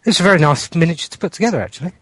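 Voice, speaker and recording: A man's voice: a little high, lively intonation, rapid-fire, a bit bright, no echo. Dry-sounding rambling male podcast host. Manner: rambling, distracted while crafting. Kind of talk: casual chat.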